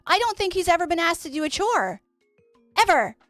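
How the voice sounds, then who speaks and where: Woman, high voice, rambling casual storyteller, swears a lot, streaming a game. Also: very animated, fairly quick, a bit bright, soft background music. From Canada. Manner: chatty, rambling, swears freely.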